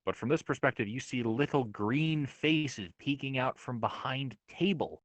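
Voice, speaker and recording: A man's voice: medium pitch, moderate pace, no room sound. A man running a tabletop game as dungeon master, casual and laughing as he describes scenes.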